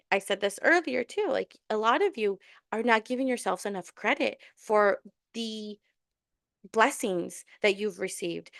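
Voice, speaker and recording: A woman's voice: a little high, vocal fry, no echo, clean studio sound. A woman giving a tarot and spiritual workshop in an earnest, encouraging casual talk, with many restarts. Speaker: tarot reader and spiritual coach.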